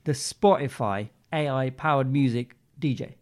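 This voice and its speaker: A man's voice: medium pitch, normal speed. A man co-hosting a podcast, running through news items one after another in casual chat. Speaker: podcast co-host.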